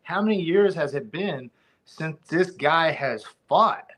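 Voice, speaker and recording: A man's voice: on the high side, animated, slow, fairly bright tone. A man, a former fighter, talking casually as a podcast guest, rambling with many restarts.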